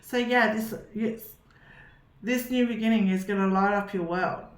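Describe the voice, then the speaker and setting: A woman's voice: medium pitch, steady tone, moderate pace, reverberant. A woman reading tarot cards for her viewers in an upbeat, reassuring way, often checking in with "okay?". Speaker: tarot reader.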